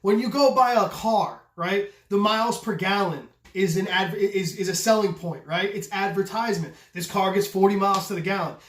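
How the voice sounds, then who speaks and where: A man who runs a knife channel, talking loudly and passionately in a casual rant, swearing freely and asking rhetorical questions. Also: high voice, normal speed, few pauses. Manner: loud, passionate, voice carries; profane, repetitive restarts, rhetorical questions. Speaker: custom knife maker and channel host. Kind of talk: casual opinion rant to camera. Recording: echoey room.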